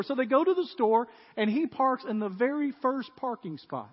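A man preaching a sermon as pastor, telling stories and becoming animated as he retells a scene. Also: very high-pitched, fairly quick, hardly any pauses. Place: church. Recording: dull, echoey church hall.

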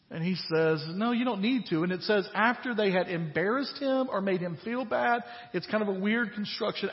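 A man preaching a sermon as pastor, retelling scripture in a casual, conversational paraphrase and building to emphatic points. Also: sits high. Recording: dull sound with long hall reverb.

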